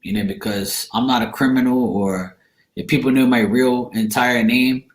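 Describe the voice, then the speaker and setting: Guy rambling to his stream chat, mid pitch, echoey room. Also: fairly even intonation, moderate pace. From Bermuda. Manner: rambling, chatty, answers chat comments by name. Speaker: tarot reader on a live stream. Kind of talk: casual chat with live viewers.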